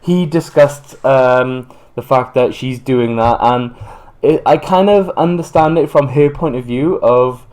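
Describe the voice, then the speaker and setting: A man's voice: mid-range voice, darkish tone. A man from Britain co-hosting a podcast, chatting casually in a rambling way. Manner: chatty, rambling, quick asides. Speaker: podcast co-host. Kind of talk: casual chat.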